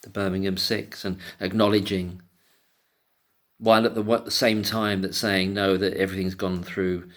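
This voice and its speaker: A man in an angry solo rant, agitated and sweary, stumbling over restarted words in rapid outbursts. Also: low voice, level tone, a bit bright. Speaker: commentator.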